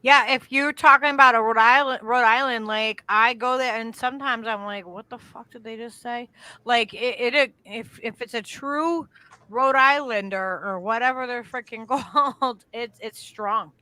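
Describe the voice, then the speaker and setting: Blunt woman from washington state, bright sharp voice, dry close mic, swears casually. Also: on the high side, steady tone, normal speed, dry recording, poor audio. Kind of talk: casual conversational chat.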